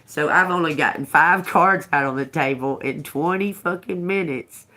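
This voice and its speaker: Low-voiced woman reading tarot, salty. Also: normal speed, sharp tone. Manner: profane, incredulous, laughs often, addresses viewers as y'all. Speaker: tarot reader. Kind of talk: casual live tarot reading, reacting to chat.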